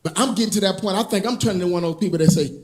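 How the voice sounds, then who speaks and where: A man doing a stand-up comedy set, telling stories with an animated delivery, drawling some words and shouting punchlines. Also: sits high, very fast. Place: comedy club stage. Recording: echoey room with audience laughter.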